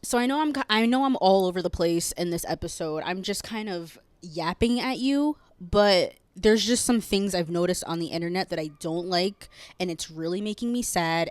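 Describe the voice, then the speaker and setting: A woman's voice: fairly low pitch, normal speed, no echo. A young woman hosting a solo podcast, rambling, earnest and impassioned, swearing casually, and choked up at times. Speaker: podcast host.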